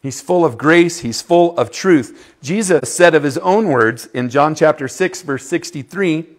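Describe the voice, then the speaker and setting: Male youth preacher, slightly high voice, emphatic sermon delivery with sudden quiet stretches. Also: a little slow. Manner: emphatic, swinging from loud to hushed; asks the audience questions.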